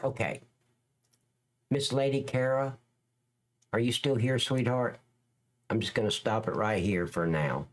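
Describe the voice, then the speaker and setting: A man's voice: medium pitch, measured pace, long pauses. A middle-aged man hosting a live stream, reacting to police videos and joking with his chat in a rambling, teasing way.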